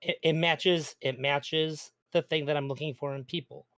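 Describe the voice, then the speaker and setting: A man's voice: a little high, fairly even intonation, moderate pace, a bit bright. A man guest in a casual debate, arguing earnestly and often restarting his sentences. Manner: earnest, argumentative, stumbles on restarts. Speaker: interview guest.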